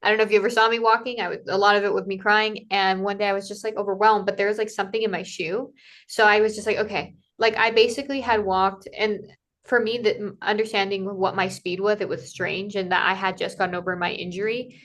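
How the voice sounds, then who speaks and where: A woman's voice: medium pitch, fast. Chatty woman telling a travel story. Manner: animated, acts out quoted dialogue, many "like" fillers. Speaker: podcast guest, Camino pilgrim. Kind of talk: casual conversational storytelling.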